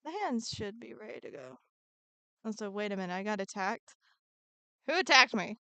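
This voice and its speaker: A woman's voice: medium pitch, lively intonation, normal speed, sharp tone, no room sound. A woman streaming as she draws, chatting in a bubbly way, answering her chat and muttering to herself as she works. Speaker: art streamer. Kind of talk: casual live-stream chat while drawing.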